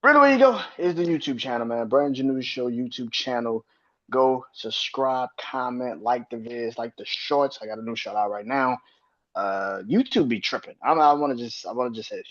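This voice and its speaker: A man in his thirties hosts a casual solo sports podcast with a mid-range voice. He rambles and swears, and his voice spikes up in pitch when he gets worked up. The recording sounds a little dull and lo-fi. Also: moderate pace, fairly bright tone. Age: 30s. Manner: loose and profane, rants with sudden high-pitched outbursts. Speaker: podcast host.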